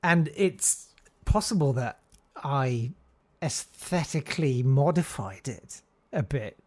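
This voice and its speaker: A man's voice: medium pitch, expressive, slow pace, darkish tone. A middle-aged man from Southeast London with a friendly, posh-sounding voice, chatting as a comedian guest and telling stories with self-deprecating humour. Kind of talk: casual interview chat.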